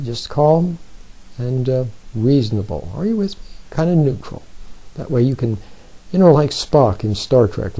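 A man giving spoken self-help advice, slow and deliberate, who keeps repeating his points and checking in with the listener. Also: medium pitch, dark tone, rough recording. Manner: repeats points and often checks in with "See?" and "Are you with me?". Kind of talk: plain spoken advice talk.

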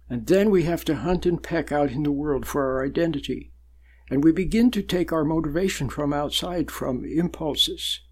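Husky older man giving a spiritual talk. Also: mid-range voice. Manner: measured and emphatic, with repeated phrases and long pauses. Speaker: spiritual teacher.

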